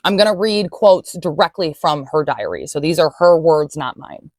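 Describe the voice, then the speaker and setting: Earnest lowish woman reading quotes, dry close mic. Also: animated, normal speed, no echo.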